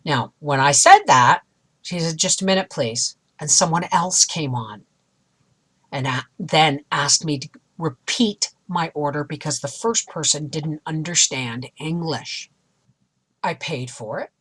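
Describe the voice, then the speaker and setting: A woman's voice: low-pitched, measured pace, fairly bright tone, slightly rough. A middle-aged woman vlogger animatedly retelling a frustrating experience in a casual storytelling way. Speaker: homestead vlogger.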